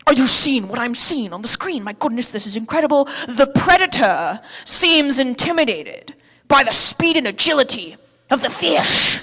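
A woman's voice: high-pitched, sing-song, moderate pace, a bit bright, slightly rough, heavily acted. A woman putting on a mock British accent to play an older male nature-documentary narrator who exclaims in breathless amazement. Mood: awed. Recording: echoey hall.

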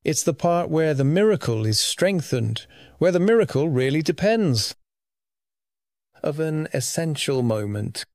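A man's voice: on the high side, expressive, measured pace, a little mellow, dry recording, clean studio sound. A man earnestly telling his personal faith testimony about receiving a lung transplant, in a reflective storytelling manner.

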